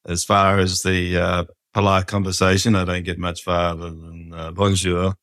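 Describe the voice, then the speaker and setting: An Australian farmer being interviewed, easygoing and plain-spoken. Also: male voice, deep voice, monotone, normal speed, fairly bright tone, dry recording. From Western Australia. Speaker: farmer and guest. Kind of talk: casual interview over a call.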